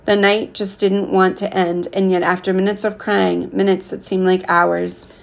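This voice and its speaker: A woman reading a novel aloud in an unhurried, earnest way. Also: mid-range voice, flat delivery, vocal fry. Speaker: reader.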